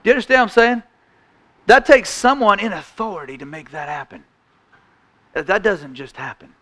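A man preaching a sermon in a church, folksy, restarting phrases and often clearing his throat. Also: high voice, moderate pace, sharp tone.

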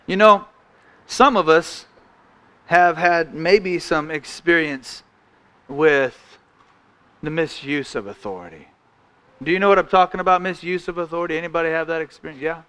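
A man preaching a sermon in a church, folksy, restarting phrases and often clearing his throat. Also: a little high, measured pace, pauses often, sharp tone.

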